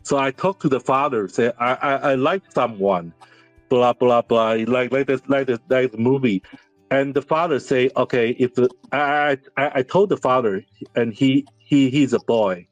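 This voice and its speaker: A man in his fifties whose first language is Mandarin, a series director telling personal stories in halting English with many restarts. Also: mid-range voice, no room sound, faint music behind. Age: 50s. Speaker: series director, interview guest. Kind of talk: candid interview storytelling.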